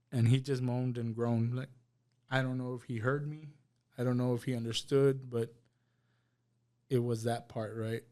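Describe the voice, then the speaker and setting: A man speaks in a low-key, monotone voice with little rise and fall, telling his own story as a podcast guest. He halts often, restarts and repeats words, and voices the people he quotes in his own plain tone. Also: moderate pace. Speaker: guest sharing a personal testimony. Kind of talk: emotional personal storytelling. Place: podcast studio.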